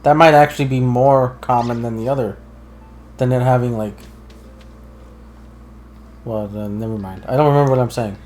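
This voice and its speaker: A man's voice: medium pitch, steady tone, moderate pace, long pauses, darkish tone, slight background noise. A man joking along as a friend plays a video game, full of sarcastic, wry asides. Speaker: let's play co-host. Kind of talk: casual gameplay commentary.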